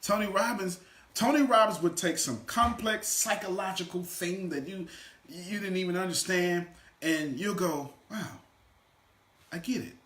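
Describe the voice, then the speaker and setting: A man giving an energetic motivational teaching talk to a small live audience, swinging from loud shouts to quiet asides. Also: sits high, normal speed. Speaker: motivational coach. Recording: echoey room.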